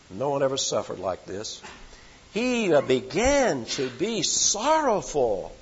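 A man's voice: fairly high pitch, slightly rough, long reverb tail, dull audio. A man preaching an expository sermon, reading scripture aloud and dwelling on key words with dramatic emphasis. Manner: slow, dramatic emphasis with sudden swells.

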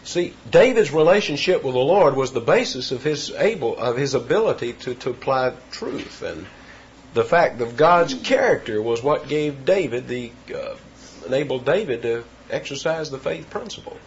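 A man's voice: medium pitch, expressive, moderate pace, a little hiss or hum. Man preaching a verse-by-verse sermon, dull recording. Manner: teaching verse by verse, emphatic repetitions. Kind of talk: expository sermon.

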